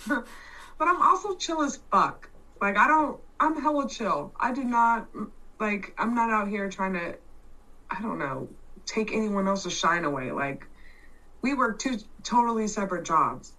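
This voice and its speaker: A woman in casual chat, loud and blunt, swearing freely and restarting her sentences as she tells a story. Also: medium pitch, animated, measured pace, far from the mic, poor audio.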